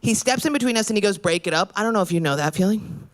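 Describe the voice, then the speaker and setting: A woman in her thirties doing a brash, profane stand-up set on a club stage, swinging her pitch wildly when she quotes people. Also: expressive, fast. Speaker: stand-up comedian. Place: comedy club stage before a laughing audience. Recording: live room with loud crowd laughter.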